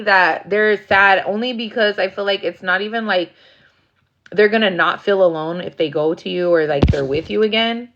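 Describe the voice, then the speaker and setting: A woman's voice: medium pitch, normal speed, a bit bright, muffled recording. A woman giving a casual tarot reading, blunt and profane, acting out rowdy asides. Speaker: tarot reader.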